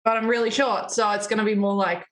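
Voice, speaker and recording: A woman's voice: mid-range voice, steady tone, fast talker, fairly bright tone, reverberant. A woman with an Australian accent, a player chatting casually at a tabletop game. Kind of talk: casual chat.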